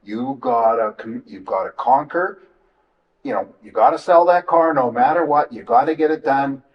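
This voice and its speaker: A man hosts an interview in a plain-spoken, conversational way, blunt and encouraging. His voice sits at an ordinary pitch. It comes from a little way off and sounds dull and muffled. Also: moderate pace, recorded from a distance. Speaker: interview host. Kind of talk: casual interview chat.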